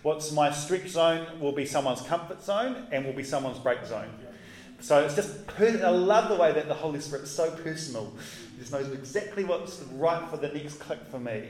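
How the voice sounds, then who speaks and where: A man preaching a casual, conversational sermon in relaxed, slangy talk with animated asides. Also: fairly high pitch, normal speed. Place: church. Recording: roomy echoey hall.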